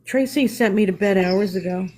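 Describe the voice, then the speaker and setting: A woman's voice: medium pitch, normal speed, a little mellow, low-quality recording. Chatty woman with a New York accent. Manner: chatty, candid, with restarts and laughs. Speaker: live stream host. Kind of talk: casual chat on a live stream.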